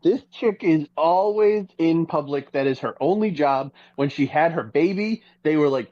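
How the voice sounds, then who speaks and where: A podcast co-host in casual gossip chat, telling stories in an animated, profane way. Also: mid-range voice, moderate pace, few pauses, no room sound, lo-fi sound. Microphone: podcast microphone.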